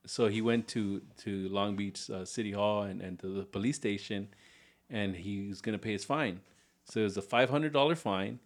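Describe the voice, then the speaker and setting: Guy with a low voice telling a story on a podcast, lots of "so", easygoing. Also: normal speed. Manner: relaxed, rambling retelling with restarts and "so". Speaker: podcast co-host.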